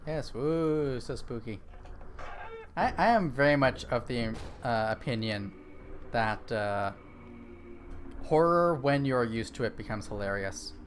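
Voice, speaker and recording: Streaming a horror game, a young man chats casually and rambles, full of fillers and restarts. His voice is mid-range, expressive and a little slow, with a slight hiss or hum in the audio.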